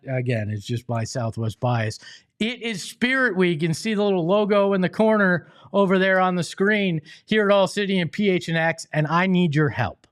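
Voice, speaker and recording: A man hosting a sports talk show, talking energetically and rambling with quick restarts and chuckles. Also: sits high, a bit bright, no echo, clean studio sound. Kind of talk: casual sports talk with live charity appeal.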